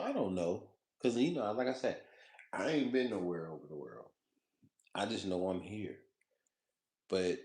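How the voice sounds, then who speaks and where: Casual male vlogger, low voice, slangy profane ramble, roomy echo. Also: gravelly, darkish tone. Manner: loose, slangy, profane, laughs often; repeats himself and talks to the viewer. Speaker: food vlogger.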